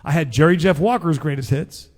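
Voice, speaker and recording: A middle-aged man, a singer-songwriter, telling a relaxed, chatty story between songs at a live show. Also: a little high, a little fast, long reverb tail. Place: live music venue. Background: guitar.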